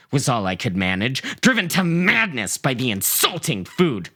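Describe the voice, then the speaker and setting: Man, dramatic storyteller, lively pitch, bright tone, theatrical delivery. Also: normal speed. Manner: theatrical, swings into shouting for quoted rage. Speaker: narrator. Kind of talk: dramatic first-person story reading.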